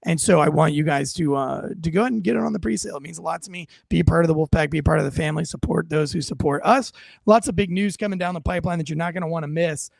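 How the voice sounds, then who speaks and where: A man hosting a podcast in a dry studio, his voice high and rough with vocal fry. He talks in casual, punchy commentary, stressing his points hard and filling gaps with "um" and "uh". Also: very fast, dry recording. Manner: emphatic, punchy, with many fillers. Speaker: podcast host.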